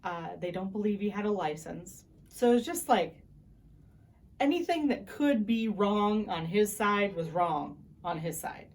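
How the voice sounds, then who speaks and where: In a vlog, a young woman animatedly retells something that happened, acting out each person she quotes in a laid-back style. Her mid-range voice moves a little slowly.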